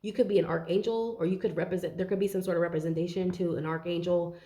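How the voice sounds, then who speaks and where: A woman's voice: lowish voice, fairly even intonation, fast talker, warm tone. A young woman giving a casual, rambling tarot reading, out of breath and swearing now and then. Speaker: tarot reader.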